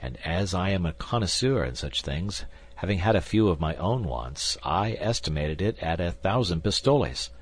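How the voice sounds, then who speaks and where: A man reading as a cool, sardonic musketeer in an audiobook, low and husky. He drawls calmly and wryly, unbothered by bad news. A storybook gambler. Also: normal speed, heavily acted. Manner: calm, drawling and wry. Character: coolly indifferent older male musketeer, wry gambler.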